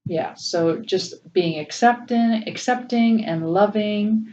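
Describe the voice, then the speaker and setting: Emotional woman tarot reader, distant mic. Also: slow. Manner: gentle, emotional, laughs often. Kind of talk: casual spiritual tarot reading. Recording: distant, dull low-fi mic with faint noise.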